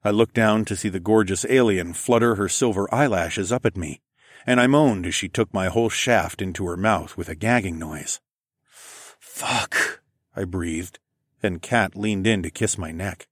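Low-voiced man murmuring an adult story. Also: normal speed, no room sound, clean studio sound. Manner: soft, low-key, murmured. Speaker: narrator. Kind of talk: first-person adult story narration.

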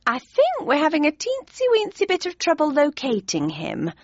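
A woman's voice: high-pitched, huge pitch swings, moderate pace, no room sound, lo-fi sound, voice pushed up. A woman doing a flustered, gushing mum. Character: fussy, flustered middle-aged mother.

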